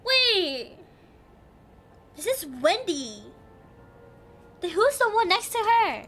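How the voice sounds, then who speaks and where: A woman's voice: very high voice, very animated, slow pace, a bit bright, soft background music. A young woman streaming a game, thinking aloud in casual chat, giggly and chatty. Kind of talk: casual live game commentary.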